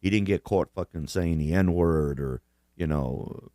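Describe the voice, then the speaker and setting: Low-voiced man, rambling, swearing casually. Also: unhurried, no room sound, clean studio sound. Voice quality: swears constantly, animated mimicry. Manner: laughs often, rambling restarts. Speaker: podcast co-host. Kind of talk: casual chat.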